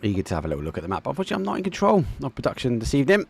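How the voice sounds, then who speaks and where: A man's voice: medium pitch, huge pitch swings, very fast, creaky, darkish tone, husky. A man from England with an Essex accent, casting a live esports match and chatting casually with viewers. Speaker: esports caster. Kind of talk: live game commentary with chat.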